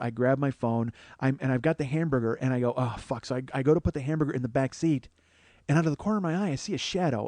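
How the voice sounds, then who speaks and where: A man hosting a podcast, telling a comic story full of swearing, growing louder and more animated as it goes. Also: medium pitch, no echo. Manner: profane, animated, rising to shouting as the story builds. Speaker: podcast host.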